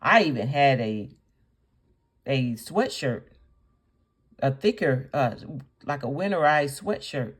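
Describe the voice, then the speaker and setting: Woman ranting in a reaction vlog, slow and deliberate, keeps asking why'd you have to go there, repeats herself a lot. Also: extremely low pitch, lively intonation, slightly rough. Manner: indignant, scolding, full of rhetorical questions. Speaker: reaction video host. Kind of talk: reaction commentary.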